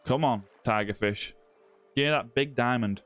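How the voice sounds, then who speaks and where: A man's voice: mid-range voice, moderate pace, fairly bright tone, faint music behind. A man hosting a live gaming stream, chatting casually with viewers and greeting them by name. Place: indoor room with ring light.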